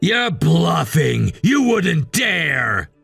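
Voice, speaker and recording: A man voicing a controlling, scornful husband in a text-message story, dismissive and given to shouting. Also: high-pitched, sing-song, measured pace, creaky, dry recording, faint music behind, exaggerated voice. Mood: angry, scornful. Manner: bossy and dismissive, shouting at times.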